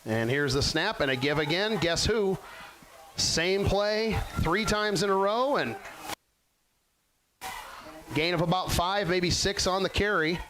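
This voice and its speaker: A man in his forties calling a local football game as the play-by-play announcer, with folksy, excitable hype. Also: high voice, slow, long pauses, background noise. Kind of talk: local sports webcast commentary.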